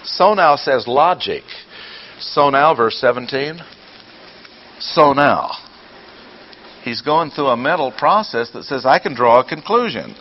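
A man's voice: mid-range voice, lively intonation, a little slow, long pauses. Older guy preaching, lots of rhetorical questions and dry jokes, muffled lo-fi tape with a bit of hiss. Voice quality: dry, sarcastic asides. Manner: rhetorical questions, emphatic bursts. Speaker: preacher or Bible teacher. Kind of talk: teaching sermon. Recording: dull lo-fi audio with faint noise.

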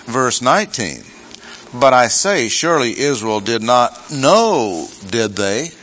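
In an expository sermon, a man works through a Bible chapter, reading verses aloud, leaning on key words and adding self-correcting asides. His mid-range voice is sing-song, slow and a bit bright, captured on a rough recording.

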